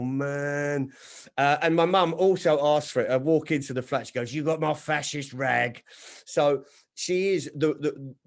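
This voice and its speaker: A man doing stand-up storytelling on a video call, swinging between loud acted quotes and low, dry asides. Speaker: stand-up comedian. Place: home setup on a video call.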